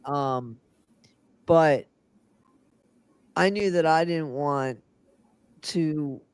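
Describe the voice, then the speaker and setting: A woman's voice: low-pitched, drawn-out words, a little mellow, clear, resonant tone, no room sound. An older woman co-hosting a casual livestream chat, sleepy after working nights and rambling as she talks. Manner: rambling, trails off, repeats herself. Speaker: co-host of a livestream chat show.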